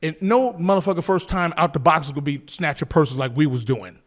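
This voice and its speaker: A man from Southern California telling a street story in an animated, profane, laughing way. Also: a little high, brisk. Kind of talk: casual story told to camera.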